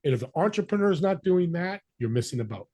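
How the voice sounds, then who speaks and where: Older man, husky and slightly high-pitched, animated interview guest. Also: fast talker. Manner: energetic storyteller, acts out quoted voices. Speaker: podcast guest. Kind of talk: conversational interview.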